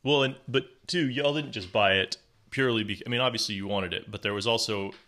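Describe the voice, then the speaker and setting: A man's voice: on the low side, brisk, pushed and bright. A man hosting a podcast, reacting briefly and asking follow-up questions. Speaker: podcast host. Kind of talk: interview listening and reacting.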